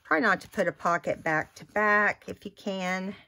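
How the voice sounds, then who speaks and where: A woman's voice: medium pitch, normal speed, pushed and bright. A woman hosting a casual crafting tutorial, chatting and thinking aloud as she works.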